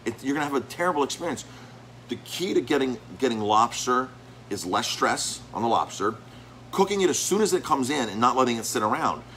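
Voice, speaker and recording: A man's voice: medium pitch, lively intonation, brisk, a bit bright, slight background noise, low-quality recording. A man who owns a restaurant and cooks there, talking casually about reviews of his place, rambling with many restarts and repeated words. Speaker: restaurant owner and chef. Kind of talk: casual talk to camera.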